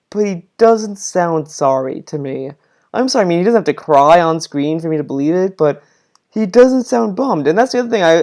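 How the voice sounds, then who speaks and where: Rambling skeptical young man, smooth voice. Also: high voice, darkish tone. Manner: rambling, repeats himself, restarts often, frustrated skeptical tone. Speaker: commentator reacting to a streamer's video. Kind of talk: casual critical commentary.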